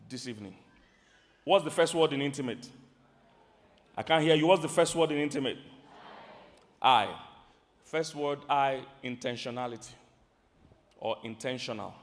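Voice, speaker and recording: A man with a Nigerian accent preaching about marriage to a live audience. He swings from loud emphatic lines to quiet asides and keeps asking the crowd questions. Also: medium pitch, normal speed, pauses often. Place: large hall with an audience. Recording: hall reverb from a large venue.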